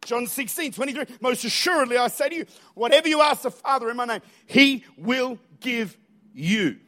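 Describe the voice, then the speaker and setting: Australian male pastor, very high voice, energetic, humorous, church sermon. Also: normal speed. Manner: energetic, humorous, rises to shouting at high points. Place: church auditorium.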